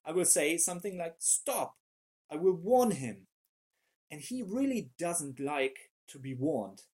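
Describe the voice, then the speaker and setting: A man preaching a sermon in an animated way, often repeating words as he searches for the right phrase. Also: on the high side, a little slow.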